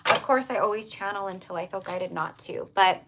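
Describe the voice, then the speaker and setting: A woman's voice: medium pitch, moderate pace, very noisy. A woman giving a casual tarot reading, talking earnestly and repetitively to her viewers. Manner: earnest, repetitive, emphatic, addresses viewers as you guys. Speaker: tarot reader.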